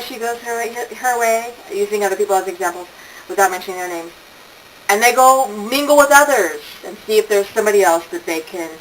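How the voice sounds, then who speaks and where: Older woman, casual storyteller, mid-pitched, miked from a distance. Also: fairly bright tone, slight background noise. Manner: chatty storytelling, acts out quoted voices, laughing asides. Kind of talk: casual monologue.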